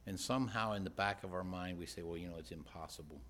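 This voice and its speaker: A man preaching a sermon in church, earnest, moving between loud questions and hushed retelling. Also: low voice, quick pace, a little hiss or hum.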